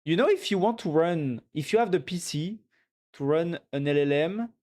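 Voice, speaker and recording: Speaking at a normal pace, a French-accented male streamer sounds animated, with a slightly mellow, higher-pitched voice. He loosely rambles through a casual live chat, reading messages aloud and thanking followers amid fillers and giggles.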